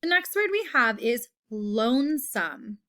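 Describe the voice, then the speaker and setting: A woman teaches young children in a slightly high voice. She speaks slowly and patiently, drawing out each word so its vowel sound stands out. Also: very animated, sharp tone. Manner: slow, patient, drawn-out word modeling. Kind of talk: recorded phonics lesson for children.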